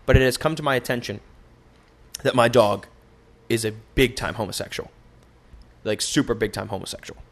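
A young man hosting a casual solo podcast, joking and cursing through loose, animated stories. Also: medium pitch, moderate pace, long pauses. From United States. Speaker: podcast host.

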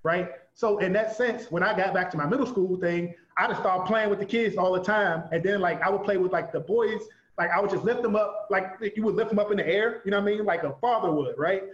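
High-voiced fast-talking man, roomy. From Washington, DC. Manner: rapid, loose, heavy use of filler "like". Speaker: guest, art teacher. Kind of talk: casual conversation. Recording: roomy, slightly dull sound.

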